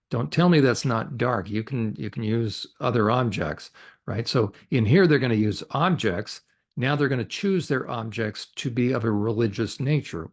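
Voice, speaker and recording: A male counselor speaking as a podcast guest in an earnest, faith-based teaching talk, emphatic and posing rhetorical questions he answers himself. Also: medium pitch.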